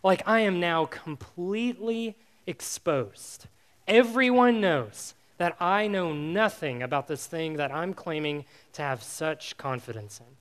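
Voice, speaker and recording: A man giving a youth sermon, telling a personal story in an animated, self-mocking way with many fillers before turning to faith. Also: on the high side, unhurried. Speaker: youth pastor.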